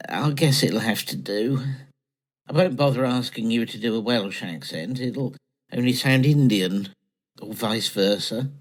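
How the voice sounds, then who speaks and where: A man's voice: medium pitch, measured pace. A man performing scripted comedy dialogue, chatty, dry and earnest. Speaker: comedy co-host.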